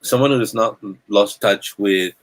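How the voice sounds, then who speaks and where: A man's voice: lowish voice, measured pace, low-quality recording. A man hosting a live podcast in casual chat, blunt and rambling, often repeating words as he starts a thought. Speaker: podcast host.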